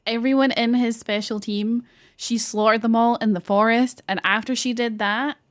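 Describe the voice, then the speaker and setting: A woman's voice: fairly high pitch, steady tone, moderate pace. A young woman streamer chatting casually, gushing and rambling with lots of fillers and the odd swear word. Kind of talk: casual chat.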